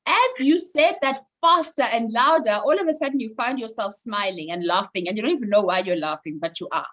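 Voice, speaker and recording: A woman leading an online voice workshop over a video call, animated and coaxing. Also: fairly high pitch, a little fast, low-quality recording. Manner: animated, instructive, coaxing participants. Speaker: voice coach running a workshop.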